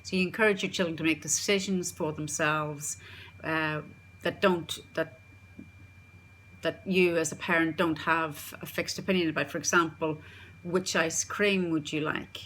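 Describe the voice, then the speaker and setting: A woman with a notably low voice gives parenting advice in a steady instructional talk. She is earnest and circles back to repeat her key points, with a faint hiss of noise behind her. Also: moderate pace. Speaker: parenting coach.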